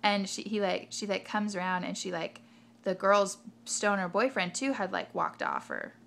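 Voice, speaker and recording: A young woman rambles through a story with lots of asides, her voice lively and full of ups and downs. It has a gravelly, creaky texture, with a faint hiss of noise behind her. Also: mid-range voice, moderate pace. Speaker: vlogger. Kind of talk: casual storytelling.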